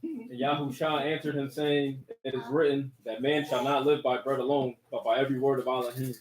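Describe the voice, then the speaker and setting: A man reading scripture aloud in a slow, measured way. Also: medium pitch, level tone. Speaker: scripture reader. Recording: echoey room, off-mic.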